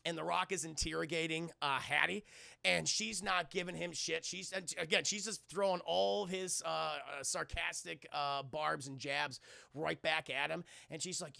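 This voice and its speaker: Male streamer, bright gravelly voice, animated recap on a dry close mic. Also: on the high side, dry recording. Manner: animated, acts out lines in quick impressions, swears freely. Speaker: streamer reviewing a film. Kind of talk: casual spoiler recap to live chat.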